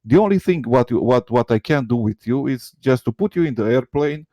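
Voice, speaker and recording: A man debating in English as a second language, excited and stammering, repeating words as he argues. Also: mid-range voice, a little fast, no room sound. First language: not English. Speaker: debate guest. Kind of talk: live online debate.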